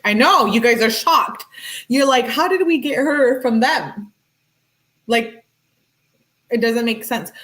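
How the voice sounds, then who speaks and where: A woman hosting a casual true-crime commentary, reading out text messages and reacting in a chatty way, full of "like" and quick laughs. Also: lowish voice. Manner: chatty, filler-heavy with frequent "like", laughs often. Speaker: true-crime YouTuber host.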